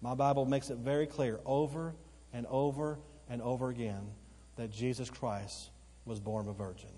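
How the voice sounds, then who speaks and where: A male pastor preaching a sermon, swinging between loud emphatic outbursts and slow, quiet, earnest stretches, repeating phrases for emphasis. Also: medium pitch, steady tone, husky. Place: church sanctuary. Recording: long church hall reverb. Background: occasional congregation responses.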